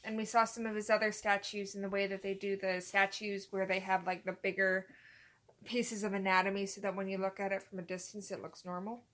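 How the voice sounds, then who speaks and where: A young woman co-hosting a casual podcast, telling a rambling story and acting out quotes in a relaxed chat with her partner. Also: medium pitch, brisk. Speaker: podcast co-host.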